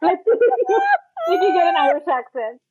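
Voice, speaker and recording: A woman co-hosting a casual podcast, teasing the others with quick jokes. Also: very high voice, wildly swooping pitch, muffled recording, heavy background noise. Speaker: co-host.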